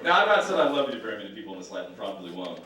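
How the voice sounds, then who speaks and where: A man doing a stand-up comedy set on a club stage with a live audience, animated and shouting his punchlines. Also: fairly low pitch, racing. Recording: echoey club, distant mic, crowd noise. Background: audience laughter.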